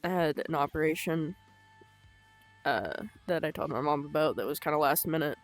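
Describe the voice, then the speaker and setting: A young woman telling her own story in an unscripted vlog, halting and emotional, with frequent swearing. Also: low voice, faint music behind. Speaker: vlogger.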